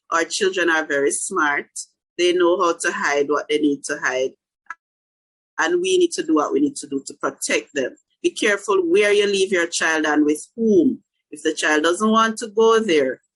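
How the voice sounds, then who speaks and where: A woman's voice: on the low side, fairly bright tone, poor audio. A woman counselor, leading an online parenting workshop over a video call, earnest and often checking in with her listeners.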